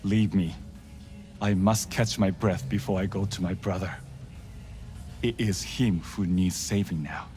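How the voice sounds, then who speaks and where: A man's voice: low-pitched, fairly even intonation, a little mellow. A man playing a grave, formal monk. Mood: solemn. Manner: formal, measured, no contractions. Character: gentle pious male monk, formal and grave. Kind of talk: game dialogue. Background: music.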